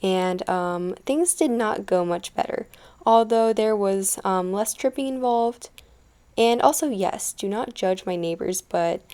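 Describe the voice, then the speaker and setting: A woman's voice: mid-range voice, a little mellow, smooth. A teenage girl narrating her own vlog in a chatty, playful, self-deprecating way. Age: teens. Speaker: vlogger. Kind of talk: casual voice-over narration.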